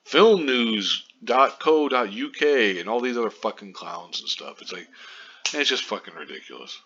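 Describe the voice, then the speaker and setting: A man rants in a commentary vlog, his voice bright and forceful, swearing often and wandering off into asides. The recording sounds muffled and lo-fi. He stays irritated and talks straight at his viewers. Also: medium pitch, lively intonation, normal speed, husky. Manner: exasperated, profane, rambling. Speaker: video commentator.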